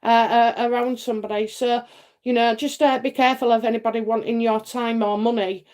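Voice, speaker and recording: A middle-aged woman from England hosts a live psychic stream, talking in a loose, rambling way with plenty of fillers and repeated phrases. Her voice sits a bit high for a woman. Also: steady tone, a little fast, a little mellow. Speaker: psychic livestream host. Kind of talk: casual livestream chat and readings.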